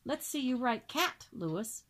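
A woman putting on a stern, brisk schoolteacher. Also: on the high side, animated, fairly bright tone, pitched above the performer's own voice. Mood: testing. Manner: emphatic, exclaiming, commanding. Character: stern, brisk female first-grade teacher. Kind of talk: storybook read-aloud.

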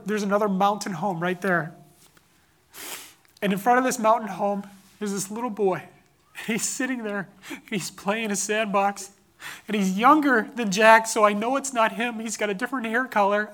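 A man's voice: high-pitched, fairly bright tone. Earnest man preaching a personal story. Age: adult father. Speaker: faith speaker telling a personal story. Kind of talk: sermon-style personal testimony.

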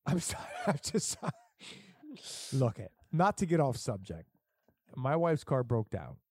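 Middle-aged man, casual profane storyteller, mellow warm tone, dry close sound. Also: medium pitch, very animated, measured pace, slightly rough, no room sound. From Puerto Rico heritage. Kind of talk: casual chat.

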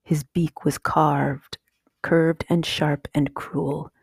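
Woman storyteller, low voice, gravelly, soft whispered storybook reading, dry close sound. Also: level tone, dry recording. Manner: slow and hushed.

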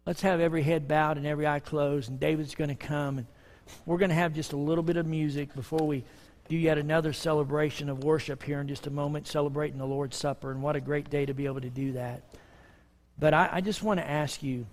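A man preaching a sermon as pastor, impassioned and pleading, with dramatic pauses. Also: fairly high pitch, steady tone, a little mellow. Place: church sanctuary. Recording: long church reverb.

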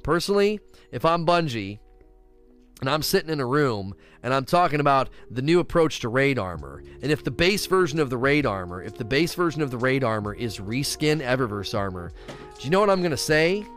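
A man's voice: mid-range voice, brisk, faint music behind. A man ranting and chatting on a casual gaming livestream, reading viewer questions aloud and answering them. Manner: animated, ranting, reads chat questions aloud. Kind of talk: casual gaming stream chat.

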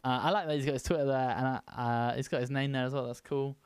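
A man's voice: medium pitch, fairly even intonation, fast, smooth, no room sound. A man hosting a casual streaming podcast chat, rambling along with fillers and restarts. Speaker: podcast host.

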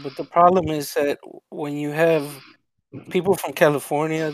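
A man co-hosting a podcast, explaining things in a relaxed, loose way with slang. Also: a little high, no room sound. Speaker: podcast co-host. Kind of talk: casual chat.

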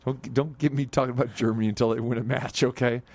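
A man's voice: medium pitch, steady tone, fast talker, darkish tone, no room sound. A man hosting a sports radio show, chatting casually, joking and rambling about hockey. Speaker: radio sports talk host.

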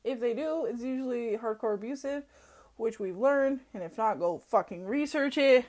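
Pitched on the high side and delivered at normal speed, this woman's solo podcast is a foul-mouthed rant. She mocks people, laughs a lot, and tells her stories with animated energy.

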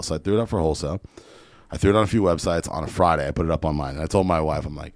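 A man telling a story in a casual podcast chat, animated and swearing freely. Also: deep voice, no echo, studio quality. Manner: fast, profane, animated storyteller. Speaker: podcast guest, real estate investor.

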